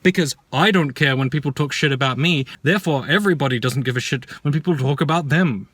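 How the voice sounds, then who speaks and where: A man's voice: fairly high pitch, quick pace, a bit bright, dry recording. A man ranting heatedly in an opinion vlog, sarcastic and profane. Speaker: vlogger. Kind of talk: angry opinion rant.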